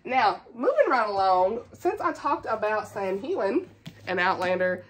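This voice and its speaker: Woman in her 30s, a chatty book vlogger who is quick to laugh. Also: medium pitch, big pitch swings. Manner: chatty and enthusiastic, laughs often. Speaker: booktuber. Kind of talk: casual book chat to camera.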